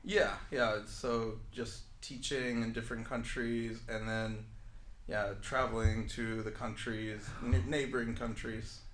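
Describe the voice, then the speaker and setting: A man's voice: medium pitch, unhurried, echoey room. A man who works as an English teacher, telling a story in a casual interview, saying "like" often. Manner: chatty, heavy use of "like", animated retelling.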